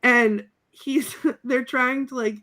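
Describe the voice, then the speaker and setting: High-voiced woman podcast co-host, giggly and breathless recapper. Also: steady tone, slow pace, fairly bright tone. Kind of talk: casual chat.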